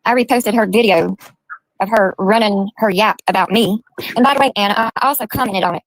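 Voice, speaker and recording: A woman's voice: medium pitch, a little fast, poor audio. A woman ranting in a crude, taunting, profane callout.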